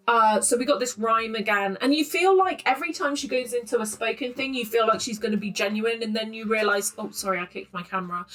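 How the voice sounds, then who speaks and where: A woman hosting a poetry analysis channel talks to her camera at home, offering casual, opinionated close readings. She's chatty and says um a lot. Her voice is on the high side and a bit bright, and the audio quality is poor.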